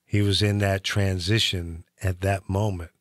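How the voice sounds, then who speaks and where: Man guest talking quiet and steady, kinda low voice, dry room. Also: measured pace, dry recording. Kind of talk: calm conversational talk.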